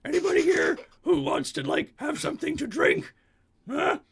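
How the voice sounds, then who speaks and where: A man voicing a large gray female troll barmaid, brusque and exasperated, in a high voice. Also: wildly swooping pitch, normal speed, creaky, a bit bright, exaggerated voice.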